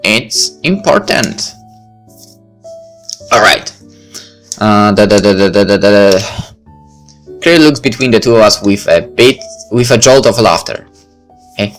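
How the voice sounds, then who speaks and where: A man's voice: fairly low pitch, expressive, unhurried, long pauses, soft background music. A man reading a visual novel aloud in first person, breaking off for casual asides. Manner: casual asides between narration. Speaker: let's play reader.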